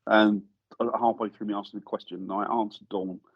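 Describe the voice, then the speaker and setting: A husky-voiced man is a guest in a studio, telling a story in a relaxed, conversational way. He acts out the voices of the people he quotes. The sound is close and dry, with a slightly dull edge. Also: on the low side, a little fast, no echo. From England. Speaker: guest paranormal investigator. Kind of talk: casual storytelling anecdote.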